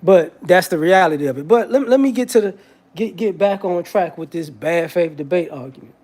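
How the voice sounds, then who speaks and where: High-voiced man ranting casually. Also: normal speed. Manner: rambling, repetitive restarts, animated. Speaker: commentator. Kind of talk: casual commentary monologue.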